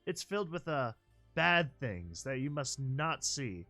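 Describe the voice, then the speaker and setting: A man's voice: mid-range voice, sing-song, measured pace, bright, forceful tone, faint music behind, heavily acted. A man voicing a small floating robot with a metallic voice, urgent and cautioning, in a storybook reading. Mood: worried. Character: floating robot sprite bot, worried, protective.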